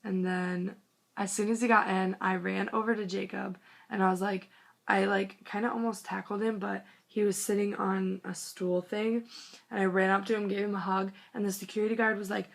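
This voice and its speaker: Speaking into her phone, a young woman with a gravelly, medium-pitched voice tells a story at a moderate pace with little pitch movement. She gushes and rambles excitedly to camera, piling on "like" and sometimes dropping to a whisper.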